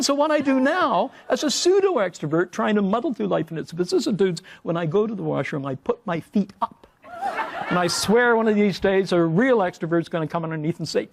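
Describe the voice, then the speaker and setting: Wry, slightly high-voiced male lecturer. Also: animated, normal speed, gravelly, slight background noise. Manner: wry storytelling with playful sound effects. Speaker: university professor giving a lecture. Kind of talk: humorous lecture. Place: lecture hall at a podium.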